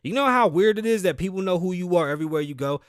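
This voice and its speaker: A man's voice: high-pitched, lively intonation, fast, no room sound, studio quality. A man from the Bronx, hosting his own show in a rambling, profane, self-deprecating monologue, sounding tired. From New York, the Bronx. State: sleepy, tired. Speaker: host. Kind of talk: casual solo talk show monologue. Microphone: studio mic through audio interface.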